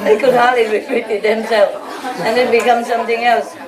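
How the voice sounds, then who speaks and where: Over a noisy crowd, a spiritual teacher talks to her gathered disciples in a slightly high, rather flat voice at a somewhat fast pace. She is chatty and teasing, laughing through her anecdotes, and the large audience's laughter echoes in a room recorded from a distance.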